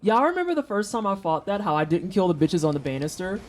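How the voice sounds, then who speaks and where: A game streamer talking to chat mid-session in a loose, unscripted way. The talk is crude and jokey, full of swearing and offhand teasing of the game. The pitch sits in an ordinary middle range. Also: sing-song, fast. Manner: profane, joking, talks to chat. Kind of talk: casual livestream chat while gaming.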